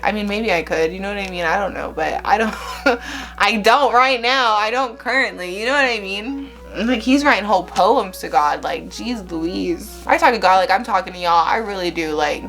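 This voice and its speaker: A woman's voice: mid-range voice, a bit bright. A woman hosting a casual Bible-reading vlog, chatty and slangy, laughing often between words.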